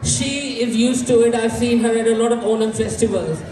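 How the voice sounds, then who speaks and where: A man's voice: very high voice, fairly even intonation, moderate pace, darkish tone, a little hiss or hum. A man with an Indian English accent doing a stand-up comedy set, telling stories and acting out the voices of the people in them. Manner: storytelling, acts out quoted voices. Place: community hall with live audience. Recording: echoey hall, voice from far off.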